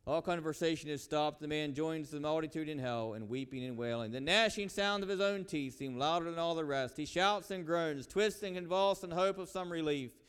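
A man's voice: a little high, moderate pace, few pauses, clean tone. A male preacher delivering a sermon with dramatic storytelling and lament, in a church sanctuary. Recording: reverberant hall.

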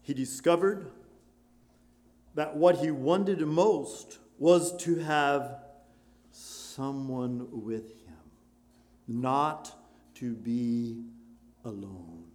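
A man preaching a sermon, switching between loud exclamations and quiet, hushed storytelling, with many questions put to his listeners. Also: mid-range voice, fairly even intonation, very slow, pauses often. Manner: rhetorical questions to the congregation.

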